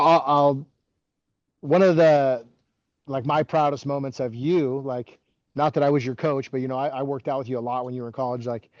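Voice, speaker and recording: A man's voice: mid-range voice, a little mellow, no room sound, muffled recording. A man in his forties, a former wrestling coach, speaking as a podcast guest and telling long rambling stories full of "like" and restarts. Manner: rambling, heavy use of "like" and restarts. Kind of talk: casual interview storytelling.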